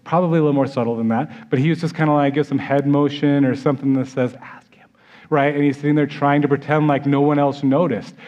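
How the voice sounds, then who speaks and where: A man's voice: a little high, steady tone, fast, hardly any pauses, a little mellow, lo-fi sound. A man with an American accent preaching a sermon as pastor, acting out the scene he tells with quoted voices.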